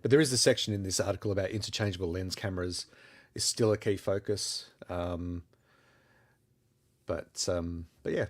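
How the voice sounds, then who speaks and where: Man, low voice, podcast co-host, casual rambling chat, filler-heavy. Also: normal speed. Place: studio during a live podcast.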